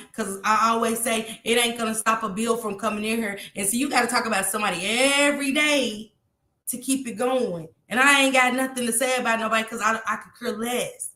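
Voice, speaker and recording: A woman's voice: fairly high pitch, bright, forceful tone, reverberant. A tearful woman, talking heartfelt and repetitive to her viewers on a live stream.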